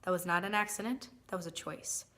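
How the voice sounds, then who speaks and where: A woman's voice: fairly low pitch, fairly quick, pushed and bright. A woman giving a casual, emphatic acting lesson, recorded on a phone. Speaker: acting teacher. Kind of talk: casual spoken lesson to camera. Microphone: phone camera.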